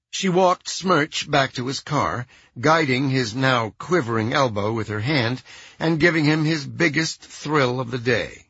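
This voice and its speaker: A man narrates a first-person story with dry, wry humor. His voice is husky and gravelly, with a bright, forceful edge and a lively pitch. The recording is dry and slightly dull. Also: unhurried, no room sound.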